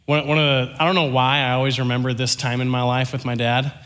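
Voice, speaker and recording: A young man giving a sermon, telling a story with lively, animated delivery and often checking in with the audience. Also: medium pitch, fast talker.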